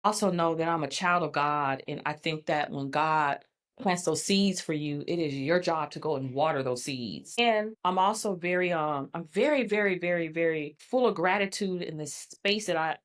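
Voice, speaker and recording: A woman's voice: low voice, moderate pace. Middle aged woman chatting as an interview guest, tells stories with lots of energy and does the voices of people she quotes. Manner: animated storyteller, acts out quoted dialogue. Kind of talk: casual interview talk.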